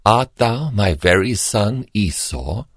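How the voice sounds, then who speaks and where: A man voicing an old blind father near death, in a slow, solemn scripture-reading cadence. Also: lowish voice, lively intonation, no room sound, clean studio sound, voice pushed up.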